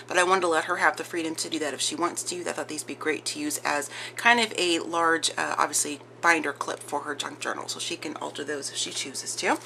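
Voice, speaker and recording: A woman with a low-pitched but bright, forceful voice hosts a casual crafting vlog from home. She rambles chattily, full of fillers. Faint household noise sits behind her. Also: creaky. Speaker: crafting channel host. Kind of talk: casual show-and-tell vlog.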